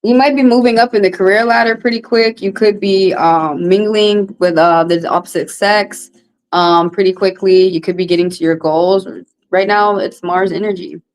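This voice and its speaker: A woman's voice: medium pitch, steady tone, normal speed, rough recording. A woman doing a casual livestream tarot card reading, talking bluntly and profanely with rambling asides.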